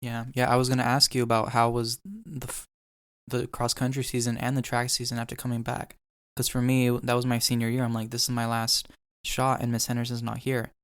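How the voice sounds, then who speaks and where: A young man tells a painful memory in casual podcast chat, quoting people and swearing as he goes. His voice is smooth and clear, with little rise and fall. The recording is dry and close. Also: mid-range voice, completely flat delivery, fairly quick, no echo. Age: young adult. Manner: emotional storytelling, swears, quotes people. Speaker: podcast host.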